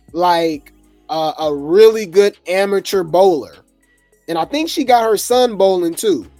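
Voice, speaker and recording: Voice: mid-range voice, a little mellow, no echo. A host rambling casually through reality TV gossip commentary, chuckling often and full of fillers.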